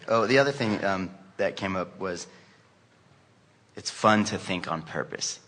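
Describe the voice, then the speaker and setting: Low-voiced guy, bright and forceful, casual and enthusiastic, echoey hall. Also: lively intonation, unhurried. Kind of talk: conversational questions and comments. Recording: long hall reverb.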